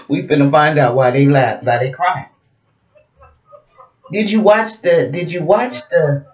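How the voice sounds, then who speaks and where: A woman's voice: sits low, expressive, a little slow. Brash woman tarot reader, roomy sound. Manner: brash, profane and mocking. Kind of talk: casual tarot reading. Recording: roomy echo.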